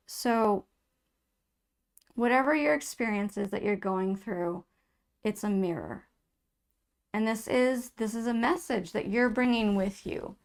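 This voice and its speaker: A woman's voice: mid-range voice, measured pace, long pauses. A woman giving a pick-a-card tarot reading to her viewers, musing aloud and reading out card meanings. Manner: soft, musing, reads card texts aloud. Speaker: tarot reader.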